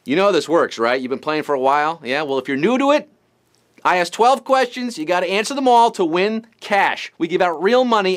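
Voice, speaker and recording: High-pitched and expressive, the quiz host talks a little fast in a fairly bright tone, with a little hiss or hum on the recording. He runs a live trivia game, throwing out questions laced with puns, jokes and abrupt silly voices.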